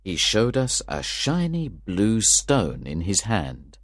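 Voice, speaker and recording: A man's voice: lowish voice, huge pitch swings, slow, dry recording, clean studio sound. A man reading scripted narration of a detective story.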